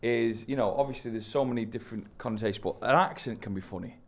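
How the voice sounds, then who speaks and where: A man's voice: mid-range voice, quick pace. A man co-hosting a podcast, rambling and joking, swearing freely in casual banter. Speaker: podcast co-host.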